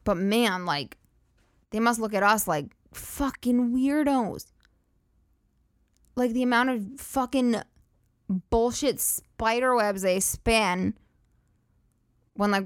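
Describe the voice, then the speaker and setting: A woman's voice: fairly high pitch, takes it slowly, long pauses, a bit bright, clear, resonant tone, dry recording, studio quality. A woman hosting a comedy podcast, rambling through profane, giggly riffs. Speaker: podcast host. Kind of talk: casual comedic monologue.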